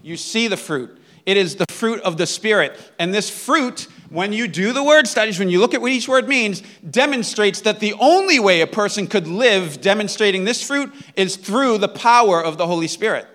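A man with a noticeably high-pitched voice delivers a sermon. He explains things in an earnest teaching manner and keeps checking in with a quick "right?" His throat-clearing comes up again and again between points. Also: animated, a bit bright. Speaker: pastor.

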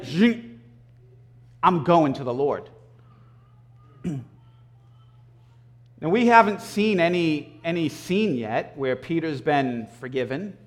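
A man giving a conversational sermon, animated and storytelling, often clearing his throat. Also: fairly high pitch. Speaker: preacher.

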